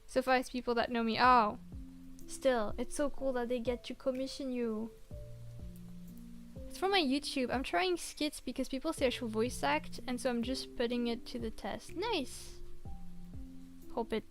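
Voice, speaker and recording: Soft-spoken high-voiced woman streamer. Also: normal speed, faint music behind. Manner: soft-spoken, reads chat aloud, encouraging. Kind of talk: casual chat while working.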